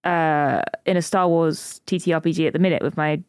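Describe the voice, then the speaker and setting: A woman's voice: low voice, fairly even intonation, brisk, a little mellow, clear, resonant tone, dry recording, studio quality. A woman co-hosting a podcast in a casual, giggly chat with many fillers. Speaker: podcast co-host.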